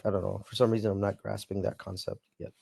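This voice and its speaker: Male student, gravelly and husky, unsure, halting questions. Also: fairly low pitch, flat delivery, mellow. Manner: tentative questioning.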